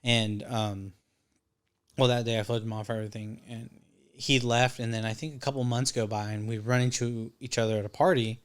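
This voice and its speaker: A man in his thirties, a podcast guest, rambles through a long story in casual chat, swearing often and acting out what other people said. His medium-pitched voice has fairly even intonation, a moderate pace and a clean tone.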